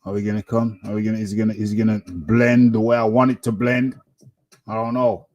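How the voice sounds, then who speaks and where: A man's voice: lowish voice, little pitch movement, brisk, a little mellow, muffled recording. A man hosting a live boxing talk show, riffing in a slangy, repetitive way.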